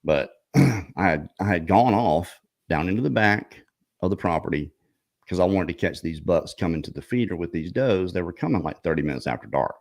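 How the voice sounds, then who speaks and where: A male show host in casual storytelling chat, rambling with restarts and clearing his throat often. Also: deep voice, lively intonation, a little fast.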